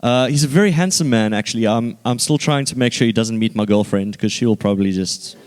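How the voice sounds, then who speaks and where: A man's voice: medium pitch, quick pace, darkish tone, clean tone. A man hosting an event, introducing the next speaker with playful jokes. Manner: joking, playful. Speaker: event host. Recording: long hall reverb.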